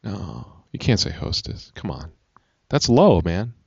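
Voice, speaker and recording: A man co-hosting a casual podcast, excitable and stammering with repeats. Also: deep voice, a little slow, vocal fry, slightly rough, no echo, dull audio. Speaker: podcast co-host.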